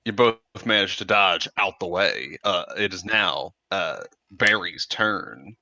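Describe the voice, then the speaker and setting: A man runs a tabletop game in a measured, filler-heavy way. His voice is very deep, with a sharp, bright edge. The sound is dry and somewhat dull. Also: lively intonation, no room sound. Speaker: game master.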